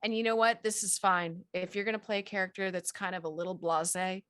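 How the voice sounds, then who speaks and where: A woman's voice: mid-range voice, steady tone, fast talker, fairly bright tone, smooth, no echo. A woman voice coach explaining acting tips in an encouraging, hands-on way. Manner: explanatory, encouraging, demonstrates as she talks. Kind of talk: casual coaching chat.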